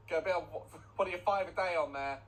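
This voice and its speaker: A gaming streamer with a high-pitched voice talks fast over poor audio, delivering sarcastic reaction commentary full of mockery and exasperation at the game.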